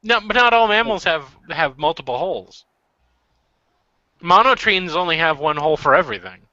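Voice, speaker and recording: A man hosts a loose, joking chat, cracking silly bits and laughing between lines. His voice sits high and bright. The recording is dry and dull, like a cheap mic. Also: lively intonation, moderate pace, no room sound. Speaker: podcast host. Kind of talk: casual chat. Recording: dull lo-fi sound.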